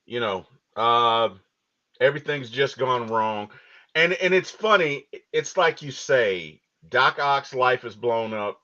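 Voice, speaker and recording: A man co-hosting a podcast, chatting casually about a movie and telling stories with lively acted-out quotes. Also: medium pitch, takes it slowly. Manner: animated storytelling, acts out quotes. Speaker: podcast co-host. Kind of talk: casual movie review chat. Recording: dull lo-fi audio.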